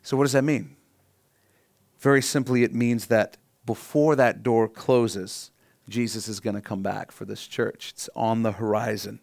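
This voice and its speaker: A man's voice: mid-range voice, dry recording, studio quality. Earnest male pastor preaching. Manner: earnest teaching, rhetorical questions to the congregation. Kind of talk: sermon.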